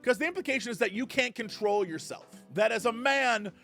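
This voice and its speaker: A man's voice: very high-pitched, fairly quick, pushed and bright, soft background music. A man giving casual reaction commentary, sarcastic and incredulous.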